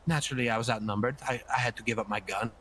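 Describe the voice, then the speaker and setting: A man talking in character in a roleplay game, swearing constantly and rambling excitedly through a story. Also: mid-range voice, racing.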